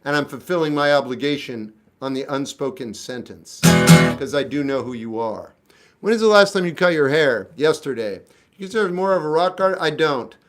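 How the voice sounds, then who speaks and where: This is a man in his fifties with a slightly raised pitch who talks in a blunt, deadpan way. He gives clipped one-word answers as he reads out questions, and a faint guitar can be heard behind him. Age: 50s. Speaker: musician answering live chat questions. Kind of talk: casual live-stream chat.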